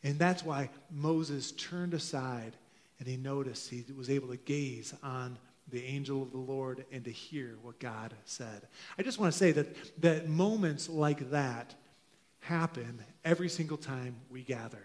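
A man preaching a sermon as pastor to his congregation, earnest, drawing out key phrases slowly for emphasis. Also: mid-range voice. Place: church sanctuary. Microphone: handheld microphone. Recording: long hall reverb of a church.

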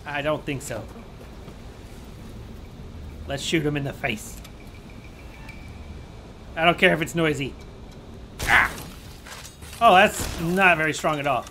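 A gaming channel host giving let's-play commentary, loud and exclamatory, yelling at enemies and making sarcastic asides. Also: mid-range voice, a little slow, long pauses, slight background noise.

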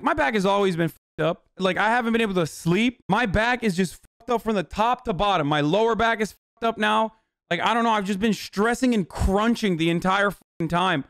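High-voiced guy streaming, swears a lot, rambles and gets worked up, dry close sound. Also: dry recording. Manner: excitable, profane, rambling. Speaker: live streamer. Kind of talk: casual reaction commentary.

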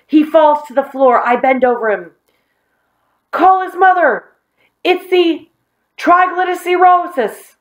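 A woman reading aloud, voicing an excitable, dramatic schoolboy with high, overacted sneezes. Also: normal speed, lightly acted. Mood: melodramatic.

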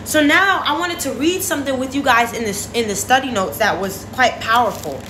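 A woman's voice: high-pitched, fairly quick, noisy background. A woman leading a casual daily Bible devotion, talking directly to her listeners in a conversational way. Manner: conversational, addresses listeners as y'all. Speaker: devotion leader. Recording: roomy echo.

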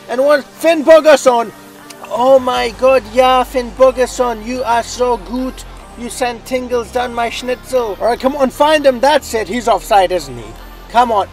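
Excitable gaming host, high-pitched man, faint music underneath. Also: rough recording. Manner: excitable, swears a lot, shouts at plays. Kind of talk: video game commentary.

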